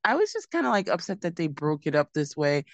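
A woman's voice: on the low side, sing-song, fairly quick, no echo. A woman co-hosting a podcast, chatting casually about a TV show and repeating her phrases for emphasis. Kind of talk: casual TV recap chat.

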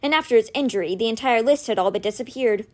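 A woman reading a novel aloud with expressive, animated storytelling. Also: a little high, fast. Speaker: audiobook reader.

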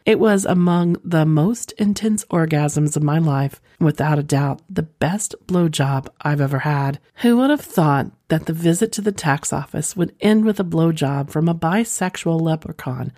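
A woman's voice: low-pitched, animated, unhurried, hardly any pauses, warm tone, dry recording, clean studio sound. A woman podcast host reading a listener's letter aloud and chatting playfully with her audience in rambling asides.

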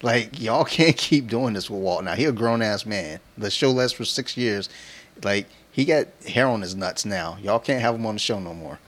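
A man's voice: fairly low pitch, animated, normal speed, fairly bright tone. A man co-hosting a podcast, rambling in crude, slangy casual chat. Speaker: podcast co-host.

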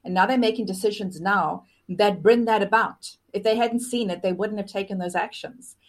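A woman's voice: mid-range voice, moderate pace. A woman guest on a podcast, talking thoughtfully and with enthusiasm, using many fillers. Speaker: futurist guest. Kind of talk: conversational interview.

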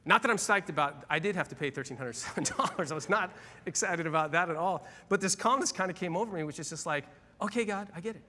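Bright-voiced man preaching in a reverberant hall. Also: on the high side, fast talker. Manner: conversational, animated storytelling, frequent "right?" asides. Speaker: pastor. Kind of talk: sermon with personal story.

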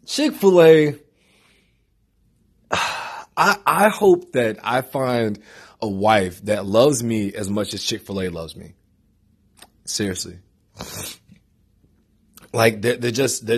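A young man with a slightly husky voice rambles excitedly to his camera. He often leaps up in pitch to hammer home a point, then drops back to relaxed chatter. He is still getting over a headache. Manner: excitable, emphatic, swings to high animated peaks. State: recovering from a headache. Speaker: vlogger. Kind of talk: casual vlog monologue.

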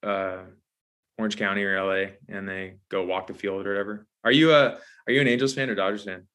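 A man from Southern California talks as a songwriter guest in a relaxed, easygoing way. His voice sits a little low, and he fills his speech with "um" and "man.". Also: a little fast, smooth. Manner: easygoing, many fillers like um and man. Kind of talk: casual interview chat.

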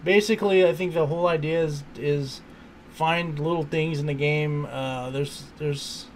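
High-voiced man telling game stories. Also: a little slow, slight background noise. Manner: animated storyteller who acts out quotes, swears freely. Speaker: gamer recounting a playthrough. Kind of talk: casual chat.

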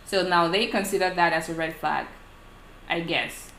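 A woman's voice: lowish voice, normal speed, fairly bright tone. A woman in casual conversation who talks about relationships and acts out quoted exchanges with energy. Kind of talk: casual chat. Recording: echoey room with faint noise.

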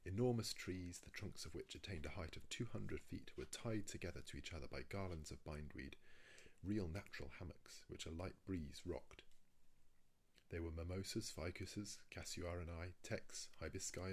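Male audiobook narrator, measured and even, deep husky tone. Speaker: audiobook reader. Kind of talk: scripted narration of a classic novel.

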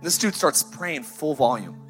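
A man in his thirties preaching a sermon as pastor, emphatic and story-driven with sighs and dramatic pauses. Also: fairly high pitch, big pitch swings, fairly bright tone. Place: church sanctuary, live. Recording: faint music behind.

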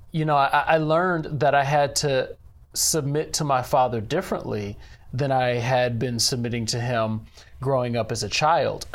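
A man who directs a church ministry, speaking earnestly in an interview about faith, measured and leaning on "you know.". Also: medium pitch, vocal fry.

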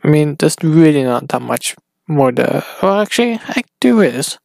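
Halting, gravelly-voiced man podcasting solo. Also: on the high side, sing-song, a little mellow, dry recording. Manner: hesitant, halting, full of restarts and fillers. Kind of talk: rambling casual monologue. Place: at home.

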